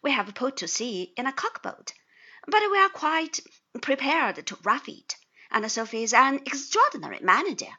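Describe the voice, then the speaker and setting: A woman's voice: high voice, very animated, moderate pace, bright, forceful tone, slightly rough, full character voice. A woman voicing an earnest, chatty young married man who drops into confidential tones, on slightly dull audio. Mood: eager. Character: cheerful young man, newly married lawyer.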